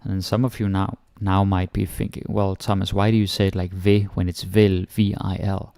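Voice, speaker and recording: A man from Denmark with a Danish accent, teaching Danish grammar in a casual lesson and repeating example phrases slowly. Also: low voice, level tone, vocal fry, mellow, no room sound, clean studio sound. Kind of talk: casual online language lesson.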